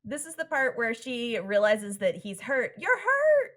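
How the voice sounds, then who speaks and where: A woman co-hosting a podcast, recapping an episode in casual chat, animated and laughing often as she acts out lines. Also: on the high side, unhurried. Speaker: podcast co-host.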